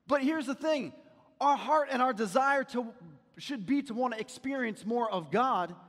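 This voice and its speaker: High-voiced preacher in a reverberant church. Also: male voice, animated, moderate pace. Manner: conversational preaching, drops to quiet storytelling. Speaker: pastor. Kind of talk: sermon. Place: church sanctuary.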